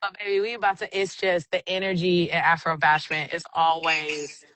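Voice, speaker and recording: A woman's voice: fairly low pitch, level tone, normal speed, fairly bright tone, no room sound, low-quality recording. A woman who works as an event MC, talking expressively and emotionally in a casual interview. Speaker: guest, event MC. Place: Oakland area event scene.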